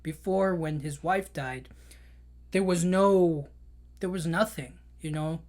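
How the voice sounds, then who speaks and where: A male podcast host with a slightly high, slow, somewhat mellow voice gives a casual movie recap. He tells it emotionally and chattily, filling his speech with lots of "you know."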